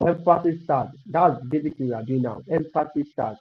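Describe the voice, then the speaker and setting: Male coding tutor, higher voice, repeats lines, cheers students on, muffled stream audio. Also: brisk. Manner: repetitive, encouraging, thinks aloud while typing. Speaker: coding instructor. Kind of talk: live online coding lesson.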